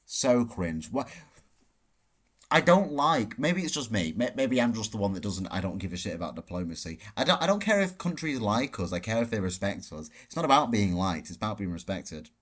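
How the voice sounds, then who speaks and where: A man's voice: on the low side, very animated, a little fast, fairly bright tone. A man hosting a live Q&A stream from a hotel room, answering chat questions in a brash, profane, ranting way. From Britain. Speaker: livestream host.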